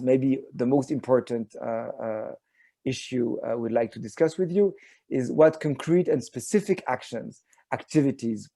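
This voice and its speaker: A man moderating an online panel on a video call. He pauses often and fills the gaps with many "uh" and "um" sounds. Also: medium pitch, creaky, mellow, no echo. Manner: hesitant, many filler sounds.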